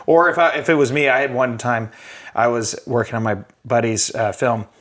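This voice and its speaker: A man hosting a casual movie review chat, animated, laughing often and acting out characters' lines. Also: mid-range voice, normal speed. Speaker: podcast host and filmmaker.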